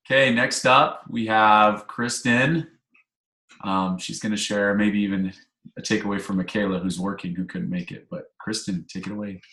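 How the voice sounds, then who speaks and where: A woman with a very low voice hosts a casual group chat. She sounds upbeat and affirming as she introduces each speaker. Her voice echoes in the room. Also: fairly even intonation, normal speed, fairly bright tone. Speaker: host.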